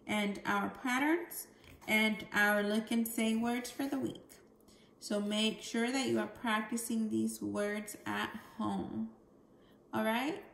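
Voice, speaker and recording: Slow, clear-spoken woman teacher. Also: medium pitch, echoey room, a little hiss or hum. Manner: slow, clear, deliberate reading with expressive dialogue voices. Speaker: second grade teacher. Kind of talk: recorded phonics lesson.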